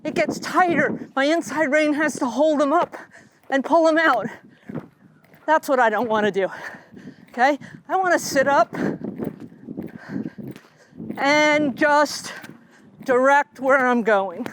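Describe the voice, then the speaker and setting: High-voiced woman coaching from horseback. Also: slow pace, long pauses. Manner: calm, coaching, talks to the horse between explanations. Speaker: riding instructor. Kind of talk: instruction while riding. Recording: noisy outdoor recording.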